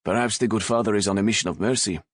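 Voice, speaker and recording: A young nobleman with an acid, wry humor, calm and sly amid chaos, as a man voices him. Read in a storybook with a close, dry sound. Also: deep voice, moderate pace, dry recording, exaggerated voice. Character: wry young nobleman, captain's loyal friend.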